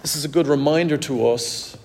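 A pastor preaching a sermon to his congregation, earnest and direct, slowing down to stress key words. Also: fairly high pitch, darkish tone, a little hiss or hum. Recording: long hall reverb.

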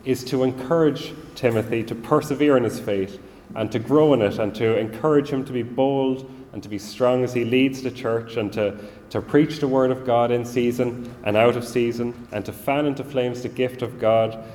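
A man preaching a sermon, earnest and measured, often repeating words as he gathers his thoughts. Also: medium pitch, fairly even intonation, darkish tone. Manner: earnest, measured, repeats himself while thinking. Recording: long reverb of a large hall.

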